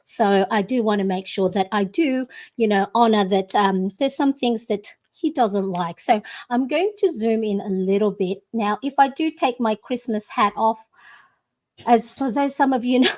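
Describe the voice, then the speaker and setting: A woman in her forties hosting a planner livestream from her home desk, chatty and bubbly, greeting viewers by name. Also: on the high side. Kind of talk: casual live-stream chat.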